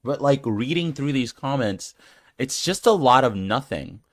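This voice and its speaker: In his own channel, a man delivers a rambling, casual rant responding to comments, restarting often and leaning on fillers, his tone exasperated and incredulous. His mid-range voice is expressive and fairly bright, with a measured pace, in studio-quality audio without room sound.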